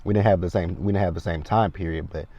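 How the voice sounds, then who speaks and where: This thirtysomething recap vlogger sits inside a parked car, talking quickly in a low, fairly even voice. He rambles chattily about a TV episode and speaks straight to his audience, calling them "you guys," on a dry, dull lo-fi recording.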